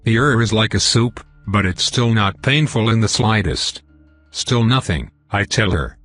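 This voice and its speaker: A man narrating a dark fantasy novel in the first person, with a measured, dramatic reading. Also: lowish voice, no echo, faint music behind. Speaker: audiobook narrator.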